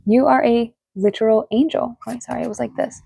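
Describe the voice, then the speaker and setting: Excitable, swearing woman tarot reader. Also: fairly high pitch, brisk, gravelly, slightly rough, no echo. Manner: excitable, emotional, swears freely. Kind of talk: casual tarot reading.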